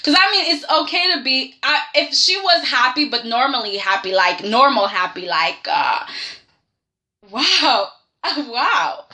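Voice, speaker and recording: A woman hosting a casual soap-opera review vlog, animated and sassy, repeatedly pressing her point with "okay?". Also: sits high, a little slow. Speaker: host.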